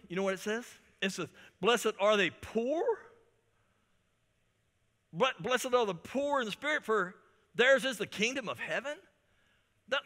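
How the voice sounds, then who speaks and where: Man, pastor, high and very bright tone, fervent, restarts a lot, reverberant church hall. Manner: fervent preaching with repeated restarts. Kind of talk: sermon. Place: church sanctuary.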